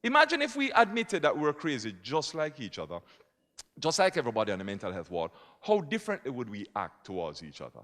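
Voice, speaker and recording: A man, a poet and lawyer, giving a public talk at a conference and moving between quiet asides and emphatic points. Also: mid-range voice, wildly swooping pitch, fast talker. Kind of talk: public speaking. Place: conference hall. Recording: reverberant hall.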